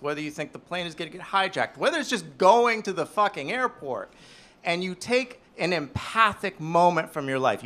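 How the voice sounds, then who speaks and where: A man in his thirties telling a self-deprecating story on stage, animated and swinging between loud and hushed. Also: a little high. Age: 30s. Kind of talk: live storytelling performance.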